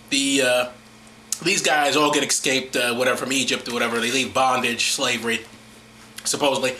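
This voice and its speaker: A man's voice: medium pitch, sharp tone, echoey room, a little hiss or hum. A man hosting a casual, irreverent talk, rambling, laughing and mocking as he goes. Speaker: host.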